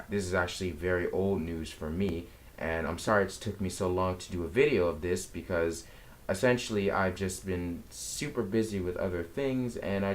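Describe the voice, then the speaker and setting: A man giving a casual, sarcastic and exasperated rant as a film commentary vlogger. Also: low voice.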